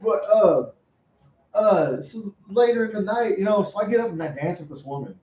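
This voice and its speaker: A man hosting a podcast, telling a story in an animated way, laughing often and swearing in casual chat. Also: high voice, moderate pace. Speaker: podcast host. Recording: roomy, muffled sound.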